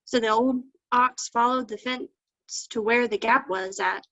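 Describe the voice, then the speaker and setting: A woman's voice: on the high side, fairly even intonation, a little slow, pushed and bright, no room sound. A woman storyteller telling a folktale with folksy country phrasing over a video call. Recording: dull lo-fi dry sound.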